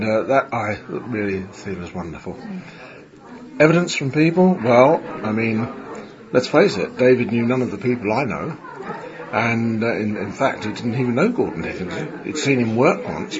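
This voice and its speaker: An older man, a medium reflecting in an interview, chatty and rambling with many fillers. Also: mid-range voice. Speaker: spiritualist medium interviewed after a seance. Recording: dull recording with a crowd behind.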